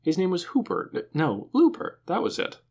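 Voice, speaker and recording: A man narrating an audiobook with an expressive, animated reading. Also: sits high, moderate pace.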